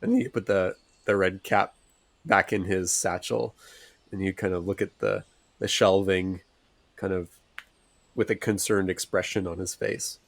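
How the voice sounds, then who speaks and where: A man narrating as game master in a tabletop game, halting and laughing often. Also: sits low, fairly even intonation, gravelly, no room sound. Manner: halting, many restarts and laughs.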